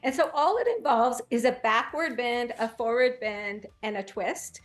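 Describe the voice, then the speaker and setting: A woman on a video call gently guiding a short stretch and meditation, encouraging and quick to laugh. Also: on the high side. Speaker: meditation teacher guest. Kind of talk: guided stretching and meditation instruction.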